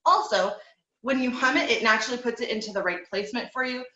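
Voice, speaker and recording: A young woman teaching an online group voice class, speaking in a relaxed, encouraging way and demonstrating with hums and slides. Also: fairly high pitch, fast. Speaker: vocal teacher. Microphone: video call. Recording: dull, echoey room sound.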